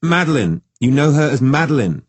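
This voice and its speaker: A man's voice: mid-range voice, sing-song, fairly quick, dry recording, pitched above the performer's own voice. A man voicing a determined young woman who talks others down in an audiobook, earnest and insistent. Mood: pleading.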